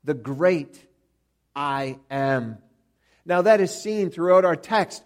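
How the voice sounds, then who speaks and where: Slow-speaking high-voiced male preacher. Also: lively intonation. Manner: repeats words and restarts often, stresses quoted phrases. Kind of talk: expository sermon.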